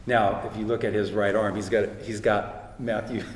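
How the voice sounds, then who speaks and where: A man's voice: lowish voice, level tone, moderate pace, slight background noise. A middle-aged man earnestly retelling a faith story, full of quoted speech, in casual conversation. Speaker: guest speaker. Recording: roomy hall reverb, faint ambience.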